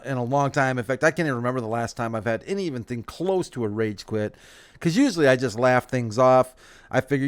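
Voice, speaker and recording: A man's voice: mid-range voice, smooth, no echo. A man chatting casually over his farming game, rambling and correcting himself as he goes. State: slight hiccups. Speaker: gaming channel host. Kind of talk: casual let's-play commentary.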